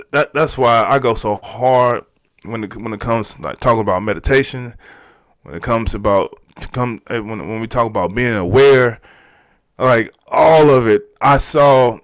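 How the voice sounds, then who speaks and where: A man's voice: medium pitch, no room sound. A man, telling a personal story in a candid, emotional way, often restarting his words. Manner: emotional, halting, repeats words. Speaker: podcast guest.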